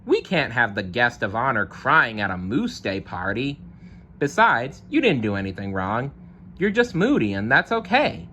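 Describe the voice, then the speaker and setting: A man's voice: medium pitch, sing-song, normal speed, pushed and bright, a little hiss or hum. A man voicing a kind male zebra in a read-aloud storybook, announcing and reassuring in a raised, upbeat voice. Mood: encouraging. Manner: announcing, encouraging.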